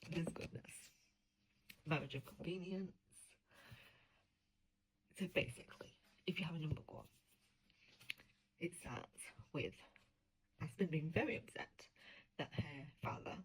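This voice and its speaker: A lower-voiced woman chatting casually as a book editor, animated and profane. She drops into breathy whispers when she gets worked up. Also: measured pace, long pauses, low-quality recording.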